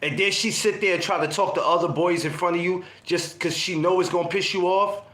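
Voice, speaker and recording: A man's voice: high voice, fairly quick. A man co-hosting a podcast, chatting casually and acting out teenage scenes as he tells stories. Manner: animated storytelling, acts out teen scenes. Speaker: podcast co-host. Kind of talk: casual group chat. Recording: roomy room sound.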